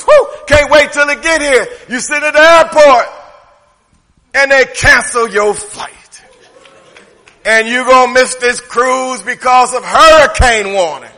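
A man preaching a humorous, conversational sermon from the pulpit, swinging from loud to hushed. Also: very high voice, long reverb tail. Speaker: pastor. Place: church sanctuary.

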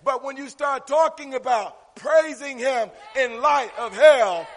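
Preaching at a measured pace, this high-voiced pastor leads the congregation in call-and-response and climbs to shouted high points. The church sanctuary leaves a long reverb hanging after his words.

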